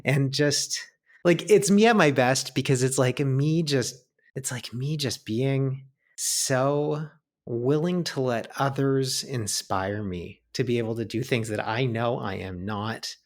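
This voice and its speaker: A man's voice: mid-range voice, slow. A man, a podcast guest, telling a personal story in a chatty way, full of filler words. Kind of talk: storytelling in an interview.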